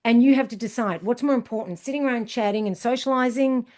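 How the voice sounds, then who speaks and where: A woman's voice: fairly high pitch, fast talker. A woman endurance coach in casual podcast chat, telling stories bluntly and emphatically and acting out what people said. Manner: animated storyteller who acts out what people said.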